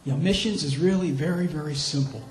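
Man, missionary preacher, slightly high voice, animated storytelling, echoey hall, faint background hum. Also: fast talker. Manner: animated storytelling, repeats phrases for emphasis. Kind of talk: sermon with storytelling.

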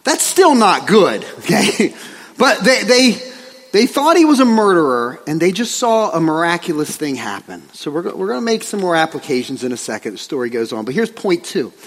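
Animated preacher with a high, lively voice. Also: male voice, normal speed, in a large hall. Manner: animated, joking storytelling with frequent "right?" asides. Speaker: pastor. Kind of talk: sermon.

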